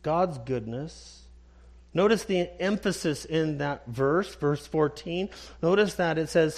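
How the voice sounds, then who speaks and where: A man preaching a sermon, emphatic and repetitive, clearing his throat now and then. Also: fairly high pitch, expressive. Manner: emphatic, slow preaching with repeated phrases. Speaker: pastor.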